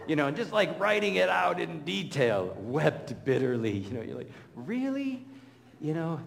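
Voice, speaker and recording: A middle-aged man preaching a sermon in a big reverberant hall. He tells stories with animation and slips into the voices of the people he quotes, keeping a middle pitch. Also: gravelly, a little hiss or hum. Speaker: pastor.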